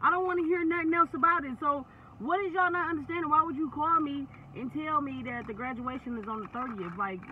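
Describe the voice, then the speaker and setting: A woman venting in casual, profane talk on a phone call, laughing often. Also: high voice. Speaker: vlogger. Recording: tinny phone line, faint noise.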